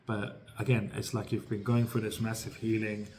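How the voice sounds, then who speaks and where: A man with a lowish voice talks through a tarot reading in a casual, meandering way. His delivery stays flat and even, and he circles back over the same phrases with plenty of ums. Faint room noise sits behind him. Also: moderate pace, low-quality recording. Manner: rambling, filler-heavy, repeats himself. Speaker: tarot reader.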